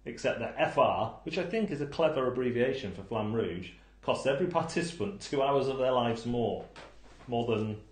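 A man's voice: mid-range voice, expressive, moderate pace. A man hosts a casual board game countdown and reads out odd reviews. He answers them with dry puns and mock indignation. His mid-range voice rings a little in an echoey room. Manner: wry, punning, jumps between joking and mock outrage. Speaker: board game channel host.

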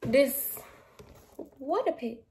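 A woman's voice: high-pitched, lively intonation, very slow, a little mellow, a little hiss or hum. A young adult woman vlogger casually reviewing products in a playful, chatty, slangy way, laughing at herself. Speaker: beauty vlogger.

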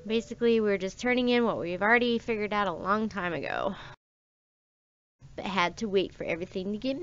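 A woman's voice: on the high side, a bit bright, clean tone, dull audio. Chatty woman narrating her gameplay. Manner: chatty, rambling with many fillers. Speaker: let's play host. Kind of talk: casual gameplay commentary.

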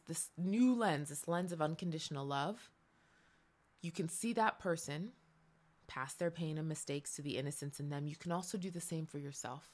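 A woman hosting her own channel, speaking in an earnest, gentle reflective monologue and repeating phrases for emphasis. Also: fairly low pitch.

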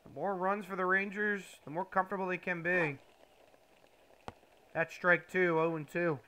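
A man giving mock play-by-play commentary over a baseball video game, with sudden loud bursts of excitement. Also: high voice, moderate pace, slight background noise.

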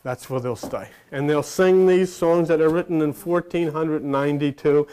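A man preaching an informal sermon in a folksy, animated storytelling way, acting out characters and croaking like a frog. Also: moderate pace. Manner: animated, folksy storytelling with sudden pitch swings; mimics frog croaks and plays out quoted characters.

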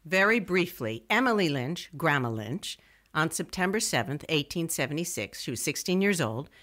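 A wry young radio writer. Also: female voice, sits low, very animated, moderate pace, fairly bright tone, full character voice. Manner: wry, digressive storytelling. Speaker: first-person narrator. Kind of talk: scripted first-person narration.

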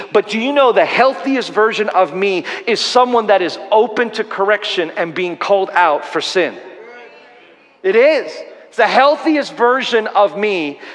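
Male pastor, sermon, earnest storytelling, self-deprecating humor, slightly high voice, long church-hall reverb. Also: a bit bright. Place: church auditorium.

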